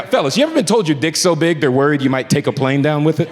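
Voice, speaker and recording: A man's voice: fairly high pitch, expressive, a little fast, pauses often. A man doing a stand-up comedy set in a club, telling a story with acted-out quotes and growing exasperation. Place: comedy club stage before a live audience. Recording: roomy hall with a laughing crowd. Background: crowd laughter.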